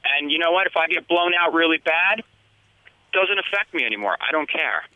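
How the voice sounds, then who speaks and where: A man talking casually as a dating coach, blunt and profane, with a quick laugh. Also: on the high side, expressive, no room sound. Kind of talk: casual chat. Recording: dull lo-fi sound.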